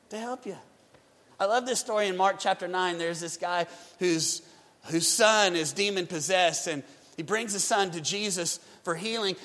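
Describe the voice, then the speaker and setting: High-voiced preaching man, bright tone. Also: long reverb tail. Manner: preachy, swings from loud to hushed. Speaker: pastor. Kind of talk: sermon.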